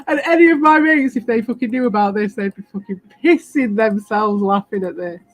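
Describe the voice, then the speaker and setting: A woman's voice: sits high, moderate pace, hardly any pauses, no room sound. A British woman rants in a loose, rambling monologue, swearing constantly and breaking into laughter. Her tone is defiant and mocking, with faint music playing behind her. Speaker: crypto streamer. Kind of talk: casual ranting monologue.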